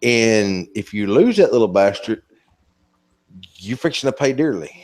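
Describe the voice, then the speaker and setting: Low-voiced Southern man, joking drawl. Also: expressive, measured pace, a little mellow. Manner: drawling, joking, swears casually. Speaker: co-host of a live stream. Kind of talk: casual live-stream chat.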